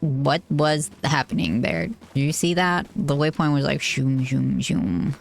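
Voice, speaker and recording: A woman streamer chatting casually while she plays a game, reacting out loud and swearing when startled. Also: low voice, moderate pace, faint music behind. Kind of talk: casual gaming commentary.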